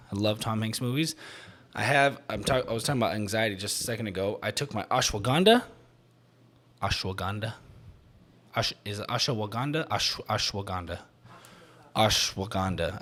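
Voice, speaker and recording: A man with a lowish voice hosts his own podcast alone. He rambles and stops to restart, a touch short of breath. His tone pokes fun at himself. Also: a bit bright. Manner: rambling, self-deprecating, quick with restarts. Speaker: podcast host. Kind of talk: solo podcast monologue.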